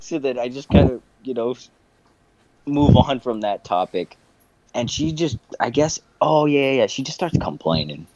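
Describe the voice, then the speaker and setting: Telling a rambling, crude story on a podcast he co-hosts, a young man laughs freely and acts out characters' voices. His medium-pitched voice is expressive and dark in tone, at a normal speed. The recording is dull and lo-fi.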